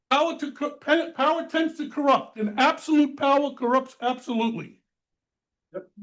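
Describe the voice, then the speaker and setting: A man's voice: extremely high pitch, poor audio. A man speaking at a town council meeting's public comment, blunt and folksy, repeating his points for emphasis.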